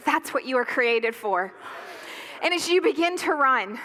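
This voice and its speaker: Bright, high-voiced woman preaching passionately. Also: lively intonation. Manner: impassioned, emphatic preaching with dramatic pauses. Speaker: pastor. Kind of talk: sermon. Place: church sanctuary.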